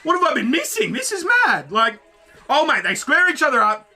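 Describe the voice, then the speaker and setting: A man, reacting excitedly to clips, swearing freely and calling out at the screen. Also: very high voice, fairly quick. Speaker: reaction video host. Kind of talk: casual reaction commentary.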